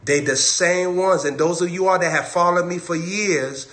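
A man's voice: sits high, normal speed, a bit bright, reverberant. A man preaching a sermon on a livestream, emphatic and repetitive, hammering his key phrases over and over.

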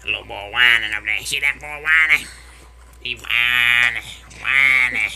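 A man's voice: mid-range voice, unhurried, gravelly, bright, forceful tone, full character voice. A man voicing a cackling, trash-talking old grandpa in an online game's voice chat, who jeers and repeats his taunts over and over. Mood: grumbling. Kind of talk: trolling voice chat.

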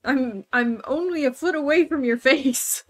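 A woman streaming a video game, chatting casually, laughing often and coaxing her cat. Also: sits high. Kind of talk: casual live-stream chat.

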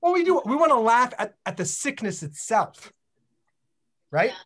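A woman guides a laughter yoga group over a video call, breaking into laughter between her upbeat prompts. Her pitch swings widely as she coaxes the others along. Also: big pitch swings, a little slow, husky. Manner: laughs through her words, upbeat coaxing.

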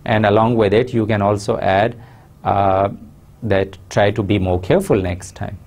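Pakistani guy teaching a class on video, lowish voice, slow careful explaining, leans on key words. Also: steady tone, a little mellow. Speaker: university lecturer. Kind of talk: recorded lecture.

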